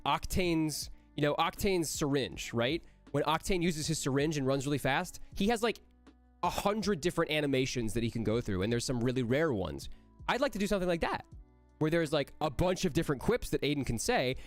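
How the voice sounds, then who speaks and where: A man, a voice actor, answering chat questions on a casual livestream in an energetic, rambling way that jumps between jokes and praise. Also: a little high, fairly quick, soft background music.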